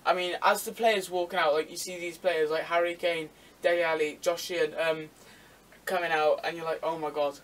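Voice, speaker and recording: Young male co-host, high voice, teasing storyteller, distant mic with light hiss. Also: flat delivery, fairly quick, a bit bright. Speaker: podcast co-host. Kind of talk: casual chat. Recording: distant mic with faint background noise.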